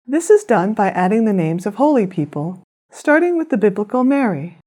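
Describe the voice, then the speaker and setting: A woman narrating a scripted language lesson, explaining phrases clearly and pronouncing them with care. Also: mid-range voice, sing-song, mellow. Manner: clear, measured instruction with careful pronunciation. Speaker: language teacher.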